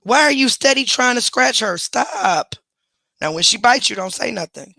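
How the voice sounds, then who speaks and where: A woman's voice: a little high, animated, normal speed, vocal fry, sharp tone, no echo, studio quality. A woman hosting a casual livestream, scolding her dogs and chatting to her viewers. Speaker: livestream host.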